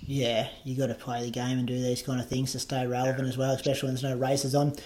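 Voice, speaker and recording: A man's voice: mid-range voice, monotone, quick pace, a little mellow. A man, co-hosting a podcast and reading out news in casual chat. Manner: chatty, reads items aloud. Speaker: podcast co-host.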